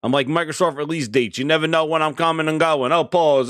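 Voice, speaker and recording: Streaming a game from his home setup, this man chats casually in an excitable, rambling way and shouts out viewers' names from the chat. His voice runs on the high side and brisk, with a noisy background behind him.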